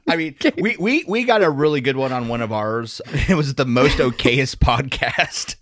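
Playful guy co-hosting a podcast, laughs a lot, lively pitch, dry mic. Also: moderate pace, dry recording. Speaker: guest co-host. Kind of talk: casual chat.

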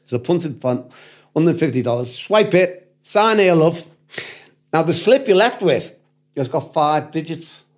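A man's voice: fairly high pitch, animated, measured pace. An older man with a Liverpool accent telling a long, sweary story in casual chat, acting out quoted voices. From Liverpool, England. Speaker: podcast guest storyteller.

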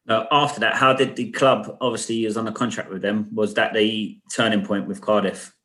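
Flat, low-voiced male interviewer. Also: brisk. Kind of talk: interview question.

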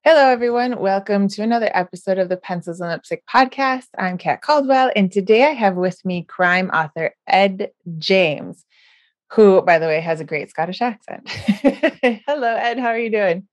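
A woman's voice: mid-range voice, expressive, normal speed, no echo. A woman from the United States hosting a podcast, chatting casually and laughing often. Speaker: podcast host.

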